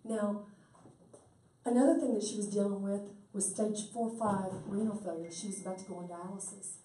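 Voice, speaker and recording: Woman storyteller, folksy and chatty, mellow tone, picked up from across a roomy space. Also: mid-range voice, steady tone, normal speed, slight background noise. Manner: folksy, chatty, quotes people in dialogue. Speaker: speaker promoting stem cell treatment. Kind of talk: animated storytelling talk. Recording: roomy sound from a distant mic.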